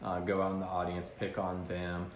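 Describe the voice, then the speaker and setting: Deep-voiced man in casual podcast chat. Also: completely flat delivery, normal speed. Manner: earnest, reflective, many ums and uhs. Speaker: podcast host. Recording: roomy sound with faint noise.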